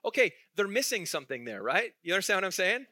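A man's voice: high voice, big pitch swings, quick pace, sharp tone, no echo, studio quality. A male pastor preaching a sermon in a conversational way, asking the congregation questions and chuckling through his stories.

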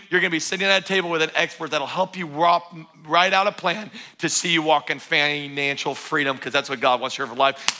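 A man's voice: on the high side, sharp tone. A man preaching a sermon at a church service, fervent and emphatic, urging his congregation again and again. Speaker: pastor.

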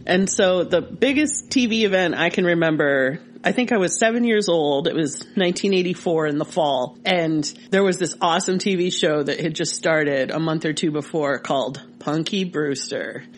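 A woman in her forties from Michigan, co-hosting a podcast and telling a childhood story in a lively, casual way. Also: normal speed, few pauses, slight background noise. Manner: animated, rises in pitch when excited. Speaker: podcast co-host.

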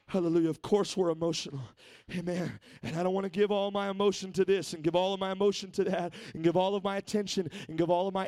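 A man's voice: high-pitched, a little mellow, no echo. A man preaching a Pentecostal sermon in church, repeating words as he moves from conversational talk to fervent exhortation. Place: church sanctuary.

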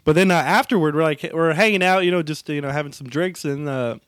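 A man's voice: fairly high pitch, fast talker, dry recording, clean studio sound. A young man telling a rowdy story in casual chat, acting out quotes and swearing freely. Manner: animated, acts out quotes, swears a lot. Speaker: comedian telling a story on a podcast.

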